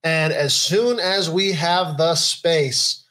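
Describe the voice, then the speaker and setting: A young man hosts a loose, casual live chat. His voice sits a little high, and he reads news items aloud in a relaxed way, trailing off into fillers and easy laughter. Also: slow pace, rough recording. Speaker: podcast host.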